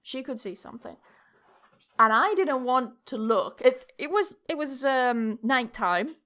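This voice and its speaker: Chatty woman, higher voice. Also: animated, a little slow, pushed and bright. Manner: rambling, chatty, swears freely, frequent laughter. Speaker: podcast host. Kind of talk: casual storytelling monologue.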